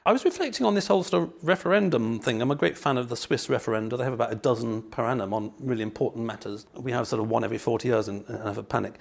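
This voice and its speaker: A man's voice: mid-range voice, racing, vocal fry, hardly any pauses. A man hosting a finance podcast, reading a wry scripted intro and then chatting in a discursive, musing way. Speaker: podcast host. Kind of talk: scripted intro then casual interview chat. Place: meeting room in London.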